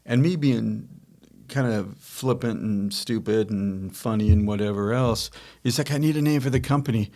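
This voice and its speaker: A middle-aged podcast host and company founder tells a family business story in casual chat, rambling, correcting himself and acting out quoted dialogue. His voice is lowish and a little mellow, at a moderate pace.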